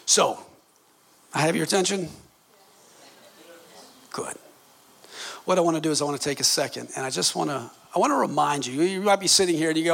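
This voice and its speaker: A man in his fifties preaching a passionate sermon, moving from low, intimate tones to shouted exclamations. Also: brisk, gravelly, long pauses. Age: 50s. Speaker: pastor.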